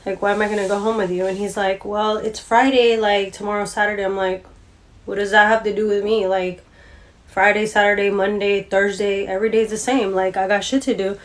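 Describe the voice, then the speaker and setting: A woman in a middle register tells a dating story in a casual rant. She sounds exasperated and acts out both sides of the conversation. The pace is quick and chatty. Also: medium pitch, little pitch movement. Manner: exasperated, mocking quoted voices.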